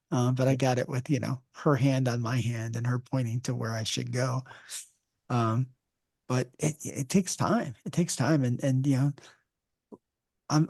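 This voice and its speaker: A man hosting a podcast, speaking in a gravelly, warm, mellow tone. He tells easygoing stories and slips in jokes. The sound is close and dry, with no room echo. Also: medium pitch. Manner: relaxed storyteller who jokes. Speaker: podcast host. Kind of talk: casual conversational interview.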